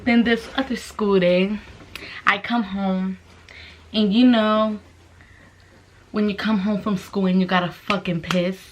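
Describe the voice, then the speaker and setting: A woman's voice: medium pitch, a little slow, pauses often, lo-fi sound, a little hiss or hum. A young woman telling a story in a casual vlog, swearing constantly and acting out the voices of the people in it. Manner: profane, animated storytelling with quoted voices. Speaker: vlogger.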